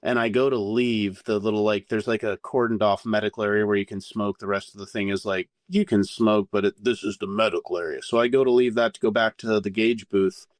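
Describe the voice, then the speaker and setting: A man telling a candid story as a podcast guest, animated and full of swearing. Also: fairly low pitch, a little fast, few pauses, no echo, clean studio sound. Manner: profane, animated anecdote-telling.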